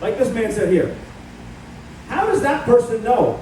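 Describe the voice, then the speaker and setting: A middle-aged political candidate delivers a combative campaign speech in a large event hall, telling stories about his own fight. His high-ish voice is dark and mellow, with lively intonation and a moderate pace. Heavy room echo and a distant mic make him sound far away, over faint ambience and a little hiss or hum.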